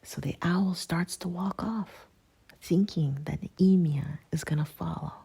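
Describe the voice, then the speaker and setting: A woman whispers a bedtime story, unhurried and hushed. Her low whisper is husky and gravelly, with a dark, mellow softness. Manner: slow, soft, hushed.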